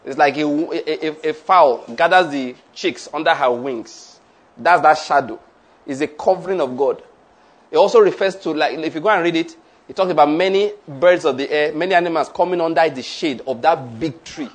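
A man's voice: fairly high pitch, moderate pace. A man preaching a sermon and leading the congregation in call-and-response declarations.

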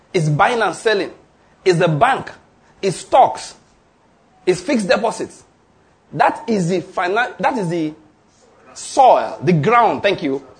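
With a high, bright voice that leaps up and down in pitch, a pastor preaches a sermon and drives his points home emphatically. He asks questions and waits for the congregation to call back.

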